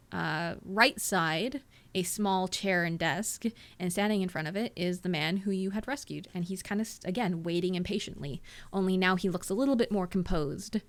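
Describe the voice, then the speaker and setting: A woman running a tabletop game as game master, describing scenes in a rambling, descriptive way full of fillers. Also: on the low side.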